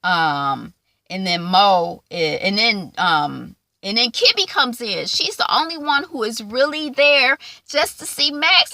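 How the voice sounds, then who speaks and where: A woman casually recapping a TV episode, acting out the characters' lines in quick asides. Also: mid-range voice, no room sound. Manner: animated, acts out quoted lines in quick asides. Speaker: TV show reviewer.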